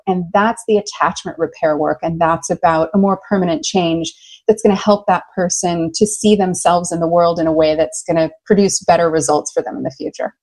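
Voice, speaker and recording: A woman's voice: lowish voice, rough recording. An American woman, a love coach, talking enthusiastically in a casual interview. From United States. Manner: enthusiastic, animated storyteller.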